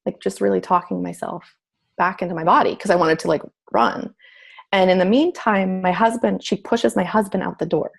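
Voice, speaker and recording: A middle-aged woman tells a personal story in an easy, casual way. Her voice sits a little low and has a gravelly, husky grain. She often slips into quoting her own thoughts aloud. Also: a little fast. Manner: animated, acts out her own inner voice. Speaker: guest.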